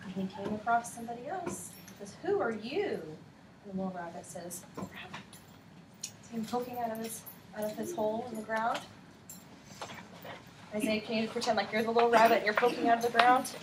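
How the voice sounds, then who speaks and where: A woman teacher reads a picture book aloud to young children, her voice pitched a little high and animated as she stops to quiz the class. The classroom recording carries a steady wash of background noise. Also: quick pace. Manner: animated read-aloud voice, asking children questions.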